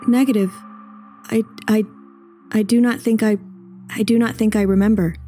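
A woman's voice: on the high side, fairly even intonation, moderate pace, mellow, faint music behind, close to an everyday voice. A woman playing an earnest android woman who speaks stiffly and formally in a tabletop game. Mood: uncertain.

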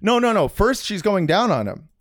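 A man's voice: high-pitched, very animated, moderate pace, no echo, studio quality. A man co-hosting a casual comedy podcast, recapping a film in a rambling, profane way with many restarts.

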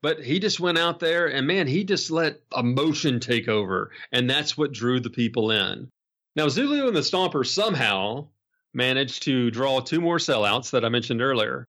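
A man's voice: medium pitch, lively intonation, normal speed, fairly bright tone. A man hosting a wrestling history podcast, telling stories with enthusiasm. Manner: enthusiastic storytelling. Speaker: podcast host.

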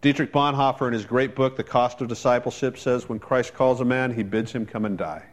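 A man's voice: mid-range voice, fairly even intonation, a little fast. A man preaching a sermon as a pastor, telling a personal story in a conversational way with wry asides.

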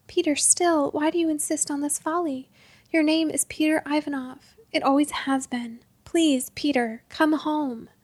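A woman playing a plump, weary older father in a storybook, formal in his speech and pleading softly with his son. The voice is high and lifted, close and dry. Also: steady tone, unhurried, no room sound.

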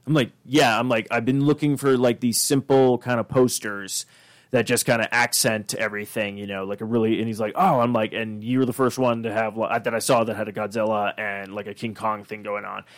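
A man hosting a podcast, chatting casually in a mid-pitched voice. He rambles through his story with many fillers and restarts, acting out what people said. The sound is dry and close. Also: no echo. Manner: acts out quoted dialogue. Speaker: podcast host.

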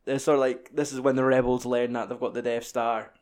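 A man's voice: mid-range voice, flat delivery, brisk, a little mellow. Sweary Scottish man chatting about films. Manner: sweary, jokey, acts out film lines in other voices. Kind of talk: casual chat about films.

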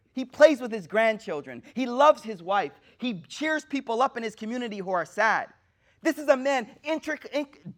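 A man giving a religious lecture, retelling a narration with acted-out quotes and casual slang. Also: very high-pitched. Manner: animated, slangy, acts out quotes. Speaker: Islamic teacher. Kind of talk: lecture storytelling.

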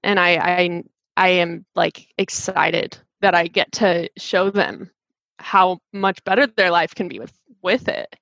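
A woman guest talking fast and animatedly about sales calls, with many restarts. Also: on the low side, gravelly, a bit bright, no room sound. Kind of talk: casual interview chat. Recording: dull dry sound.

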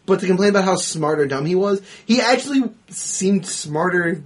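A man co-hosting a casual movie discussion, animated and quick to act out scenes. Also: sits high. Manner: animated, swearing, acts out scenes. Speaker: podcast co-host.

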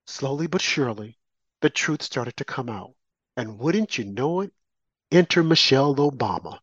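A man's voice: medium pitch, animated, normal speed, a bit bright, slightly rough, dry recording. A man delivering an opinionated commentary monologue, emphatic and repetitive, with mocking asides. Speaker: political commentator. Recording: dry, slightly muffled lo-fi audio.

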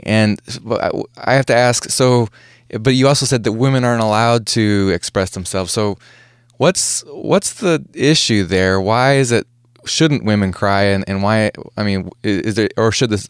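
A man's voice: on the low side, smooth, no echo, studio quality. A man hosting an interview, asking thoughtful questions with frequent restarts. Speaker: interview host.

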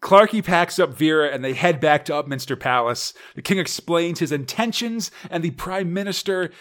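A man's voice: fairly high pitch, expressive, moderate pace, a bit bright. A man co-hosting a casual podcast, recapping a comic story in a rambling way with lots of fillers and laughs. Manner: rambling, many "like" fillers and restarts, laughs often. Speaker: podcast co-host.

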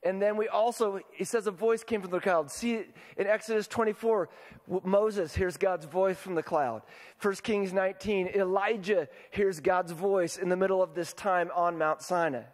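A man's voice: high voice, fairly even intonation, normal speed, big-room sound. A man preaching a sermon as pastor, talking casually and often checking in with his listeners by asking them questions. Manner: conversational, asks the congregation questions.

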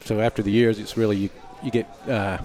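A man from Southern California, a race car designer guest, talking in a relaxed, halting way. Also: on the low side. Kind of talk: casual interview.

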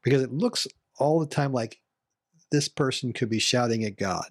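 A man's voice: mid-range voice, normal speed, breathy edge, no room sound, studio quality. A man in a bible study discussion who talks reflectively and leans on certain words for emphasis. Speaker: discussion panelist.

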